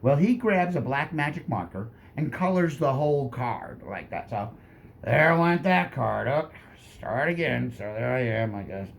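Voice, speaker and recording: A man telling a comic personal story with animated delivery, often tacking "like that" onto his lines. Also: medium pitch, unhurried, creaky. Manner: animated, full of "like that" asides.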